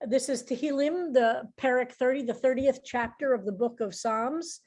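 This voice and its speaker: A woman's voice: sits high, moderate pace, a little mellow. A middle-aged woman rabbi teaching a psalm class in an informal, explanatory way, often restarting her sentences.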